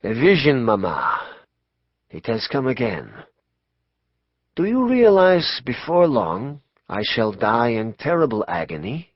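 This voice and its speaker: Brief: narrator doing a hushed, ominous male prophet, lively pitch, dull dry audio. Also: no echo. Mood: foreboding. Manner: slow, hushed, ominous delivery. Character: grave male mystic prophet foreseeing doom. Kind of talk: audiobook character voice.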